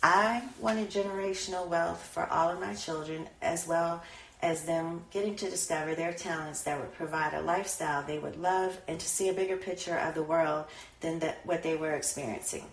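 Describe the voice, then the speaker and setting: A woman's voice: on the low side, fairly even intonation, moderate pace. A woman storyteller speaking earnestly and plainly. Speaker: featured storyteller. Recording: roomy, distant mic.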